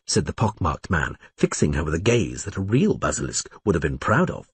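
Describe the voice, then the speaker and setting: A man's voice: very deep voice, big pitch swings, moderate pace, hardly any pauses, husky, no room sound. A man narrating a fantasy audiobook, reading expressively and voicing all the characters himself.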